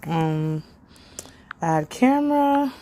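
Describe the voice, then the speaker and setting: A woman's voice: lowish voice, very animated, drawn-out words, mellow, rough recording. Chatty woman vlogging at home. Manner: chatty, scolding her daughter, reads viewer comments aloud. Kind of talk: casual chat.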